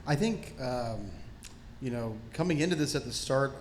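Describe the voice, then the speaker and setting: Male actor-comedian, panelist, animated storyteller, middle pitch, faint background hiss. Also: normal speed. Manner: animated anecdotes with frequent fillers. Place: film festival panel.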